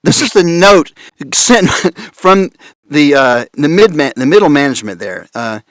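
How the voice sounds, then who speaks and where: Animated man on a casting panel. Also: fairly high pitch, a little slow, dry recording, studio quality. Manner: animated, laughing, reads out examples with amused disbelief. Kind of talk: conference panel talk. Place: conference room.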